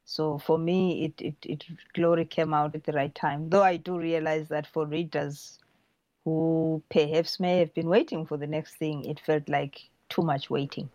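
A woman's voice: low voice, steady tone, measured pace, warm tone, no room sound, dull audio. A woman author answering questions thoughtfully, often restarting her sentences.

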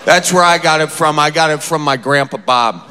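A man's voice: a little high, moderate pace, background noise. A man from the American Midwest doing a playful stand-up set on a theater stage, telling family stories and acting out his grandparents. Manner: storytelling, playful, acts out family members. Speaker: stand-up comedian. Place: theater stage with live audience.

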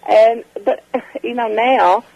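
A woman phoning in to a talk show, her voice hoarse and scratchy. It has a gravelly, rough edge and sounds close and dry. She muses reflectively and breaks into laughter often. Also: on the high side, slow pace, a little mellow, no echo, muffled recording. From Kentucky. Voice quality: scratchy, raspy. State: hoarse from a lingering cold. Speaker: caller. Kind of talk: casual phone-in chat.

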